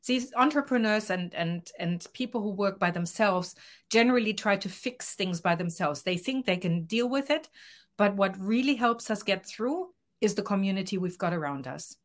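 A woman's voice: medium pitch, normal speed. A woman coach being interviewed, talking earnestly and acting out little quoted exchanges as she explains. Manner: earnest, expressive, acts out quoted lines. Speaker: guest coach. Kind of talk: podcast interview.

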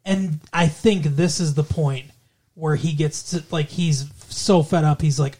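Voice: mid-range voice, steady tone, unhurried, a little mellow. A podcast co-host in a casual movie chat who rambles, swears freely and acts out characters' lines.

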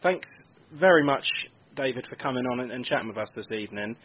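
A man hosting a casual football podcast, upbeat and quick to laugh as he runs through prediction scores. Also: mid-range voice, animated, husky. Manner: upbeat, laughs often, reads out league scores. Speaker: podcast host. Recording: dull lo-fi audio.

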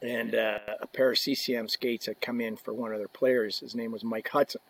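A man's voice: mid-range voice, level tone, fairly quick, creaky, a bit bright, slightly rough. A man in his fifties, a podcast guest, casually telling anecdotes and laughing as he goes. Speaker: guest, hockey equipment rep. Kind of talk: casual storytelling.

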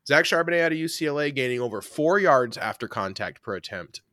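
A man co-hosting a casual sports podcast, animated and quick to laugh, with frequent asides. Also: medium pitch, no echo, studio quality. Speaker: podcast co-host.

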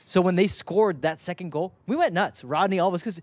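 A young man hosting a casual soccer talk show, telling stories quickly and acting out what others said. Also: sits high, no echo. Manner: animated, quick storytelling with acted-out quotes. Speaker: soccer podcast host. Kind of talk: casual sports chat.

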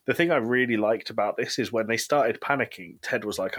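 Brief: low-voiced British podcast co-host, dry and self-deprecating. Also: male voice, moderate pace, few pauses, fairly bright tone. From Britain. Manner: dry, pessimistic humor, frequent laughs. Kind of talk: casual chat.

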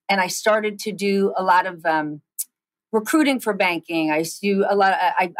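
A woman's voice: on the low side, dry recording, poor audio. Woman in her 40s telling stories, lots of restarts, dry close sound. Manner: animated, fast storytelling with many restarts. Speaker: guest. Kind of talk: storytelling interview chat.

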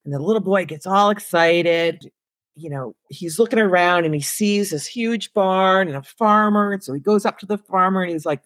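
Woman, school counselor, animated storyteller, chatty fillers, dry close voice, mid pitch. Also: moderate pace, dry recording. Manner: animated, chatty, many "like"s and "you know"s. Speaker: elementary school counselor, podcast guest. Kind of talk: casual storytelling in an interview.

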